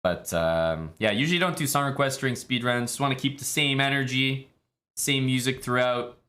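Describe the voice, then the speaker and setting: A man from Canada, streaming chess in a relaxed, chatty way with many fillers. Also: medium pitch, normal speed. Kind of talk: casual live-stream commentary.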